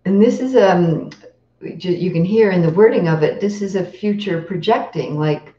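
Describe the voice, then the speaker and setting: A woman giving a Buddhist dharma talk as a meditation teacher, speaking slowly and reflectively with pauses, fillers and some throat-clearing. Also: lowish voice. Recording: roomy, distant, dull lo-fi recording.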